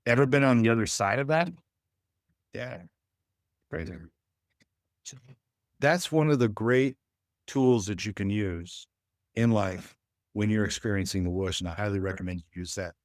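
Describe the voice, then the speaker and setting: Low-voiced man coaching couples. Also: moderate pace, long pauses, no room sound, studio quality. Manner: folksy, acts out quoted dialogue. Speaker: relationship coach. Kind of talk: workshop talk to a live audience.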